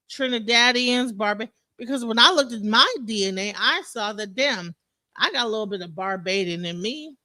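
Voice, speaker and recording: A bright, sharp voice tears through a casual livestream rant. The speaker is heated and swears freely, restarting sentences and stumbling over repeated words. The sound is close and dry, with no room around it. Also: mid-range voice, dry recording. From Detroit. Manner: profane, heated and emphatic. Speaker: livestream host.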